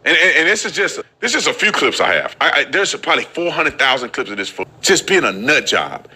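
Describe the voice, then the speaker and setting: A man's voice: a little high, big pitch swings, fairly quick, pushed and bright, slightly rough. A man hosting a casual commentary show, often repeating words as he starts sentences. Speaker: host.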